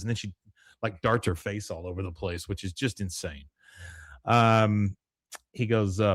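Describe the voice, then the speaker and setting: A man's voice: lowish voice, steady tone, normal speed, no echo, clean studio sound. A man hosting a podcast, casually retelling a cartoon episode and quoting lines in lightly raised voices. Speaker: podcast host.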